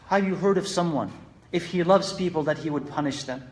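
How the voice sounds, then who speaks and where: A man's voice: fairly high pitch, a little fast. A man giving an earnest religious lesson, asking rhetorical questions and mixing Arabic phrases into his English. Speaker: Islamic teacher.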